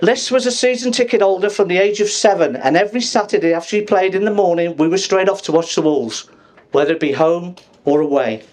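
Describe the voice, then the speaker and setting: A man in his fifties giving a jokey father-of-the-bride speech at a wedding reception, teasing guests and pausing for laughs. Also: high voice, darkish tone.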